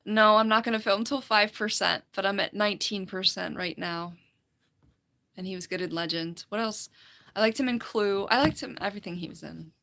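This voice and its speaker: A woman wraps up a casual live stream from home, reading the chat and giggling as she rambles. Her voice is bright and a little tense, yet worn down to a slight fry after a long session. She talks through a computer mic. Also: medium pitch, moderate pace. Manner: chatty, giggly, rambling, reads chat aloud. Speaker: livestream host, falconer.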